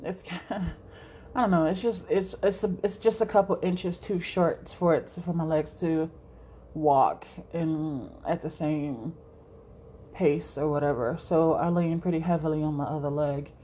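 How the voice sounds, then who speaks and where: A woman's voice: low-pitched, steady tone, measured pace, dark tone, a little hiss or hum. A young woman hosting a solo podcast, rambling casually, swearing freely and laughing often. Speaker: podcast host.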